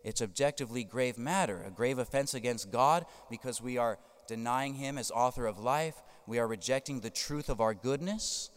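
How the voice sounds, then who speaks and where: Male priest, sermon, emphatic, smooth resonant voice, long church reverb. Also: mid-range voice, moderate pace, few pauses. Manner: emphatic, tags points with "right?". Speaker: Catholic priest.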